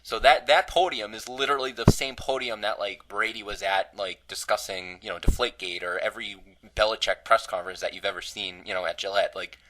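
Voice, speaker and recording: Bright-voiced rambling podcast host man. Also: lowish voice, steady tone, fairly quick, few pauses, poor audio. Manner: rambling storyteller, self-deprecating. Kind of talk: casual podcast chat.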